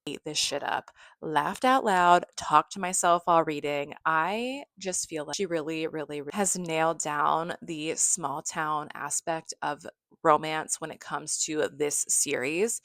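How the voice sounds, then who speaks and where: A woman's voice: sits low, no room sound, studio quality. A young woman vlogger chatting casually through her monthly book recap, effusive and swearing now and then.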